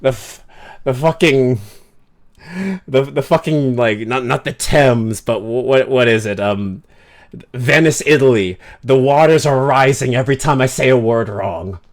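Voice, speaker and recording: A man livestreaming a game speaks in an unhurried, medium-pitched voice while joking casually with his viewers. He's self-mocking, gets tangled up in foreign words and puts on over-the-top dramatic outbursts in response to the audience.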